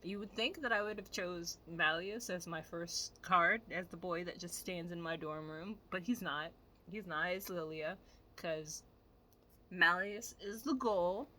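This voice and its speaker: A woman vlogger giving animated, profane, casual commentary straight to her viewers. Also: lowish voice, a little slow.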